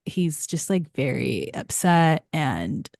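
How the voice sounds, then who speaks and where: A woman with a very low, gravelly voice recaps a novel in relaxed podcast chat. She sounds dry and close to the mic and drops wry asides. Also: slow, no room sound. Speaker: podcast co-host. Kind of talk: casual book recap chat.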